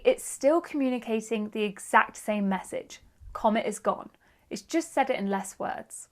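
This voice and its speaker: Woman, writing tutor, lively and emphatic, slightly high voice. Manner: upbeat, emphatic teacher reading examples aloud. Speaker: writing instructor. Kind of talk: online writing lesson.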